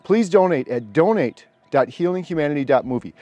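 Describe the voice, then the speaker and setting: Man, documentary filmmaker, earnest direct appeal, slightly high pitch, dry sound. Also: animated, brisk, warm tone, dry recording, faint music behind.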